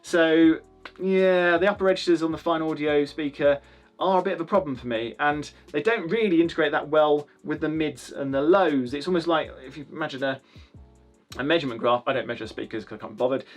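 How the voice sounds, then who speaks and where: A man from the UK giving a chatty, rambling spoken review of hi-fi speakers, with lots of restarts and fillers. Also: on the high side.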